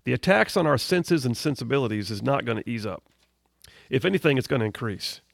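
A middle-aged man hosting a show, telling a story and commenting in an earnest, folksy way with emphatic pauses. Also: mid-range voice, animated, creaky, no room sound, clean studio sound. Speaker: show host, military veteran.

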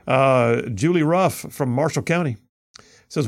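A man's voice: mid-range voice, expressive, normal speed, gravelly. A man hosting a conservative talk radio show, reading listener messages aloud and giving blunt, opinionated commentary with frequent restarts.

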